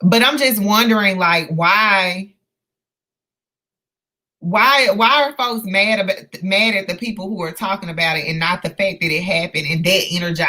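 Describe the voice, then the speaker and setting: Woman host in her thirties, casual live-stream talk, slow, bright tone, heartfelt and halting. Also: mid-range voice. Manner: earnest, impassioned, halting with many fillers and restarts. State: emotional, close to tears. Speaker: host of a live book discussion.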